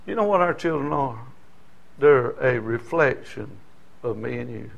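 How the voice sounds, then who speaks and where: An older man with a mid-range, gravelly voice preaches a sermon in a folksy, conversational style, frequently tossing "Amen?" out to the congregation as call-and-response asides. He's expressive and speaks a little slowly.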